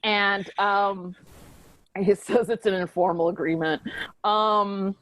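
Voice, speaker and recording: A woman's voice: medium pitch, steady tone, takes it slowly, a bit bright, poor audio. A woman hosting a podcast, chatting casually and rambling about a TV episode with lots of fillers and giggles. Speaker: podcast host.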